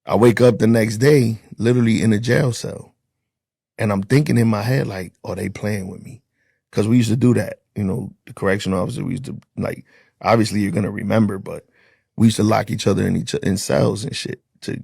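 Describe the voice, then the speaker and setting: Low gravelly guy, kinda husky, blunt and swearing, just talking through what happened. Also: fairly even intonation, a little fast, a little mellow, dry recording, studio quality. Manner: blunt, profane, acts out dialogue. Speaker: interview guest, former corrections officer. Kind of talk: casual storytelling.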